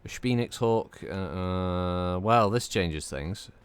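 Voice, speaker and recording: Over soft background music, a gaming streamer from Northwest England talks slowly in a low, smooth voice. His casual commentary on the game is rambling banter laced with swearing, in a Northwest English accent.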